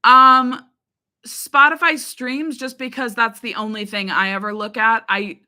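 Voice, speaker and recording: A woman's voice: fairly high pitch, fairly even intonation, measured pace, pushed and bright. A young woman and YouTube reaction creator chatting casually with viewers in a live chat. She rambles, uses many fillers and laughs often.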